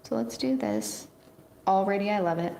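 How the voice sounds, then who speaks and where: A woman's voice: medium pitch, big pitch swings, normal speed, dark tone, a little hiss or hum. Woman, art teacher, casual tutorial, encouraging, laughs easily, roomy sound. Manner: chatty, encouraging, laughs often.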